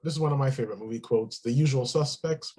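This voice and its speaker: A man's voice: mid-range voice, fast, darkish tone, slightly rough. A man co-hosting a podcast, chatting casually and trailing off mid-thought. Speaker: podcast co-host. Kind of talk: casual chat.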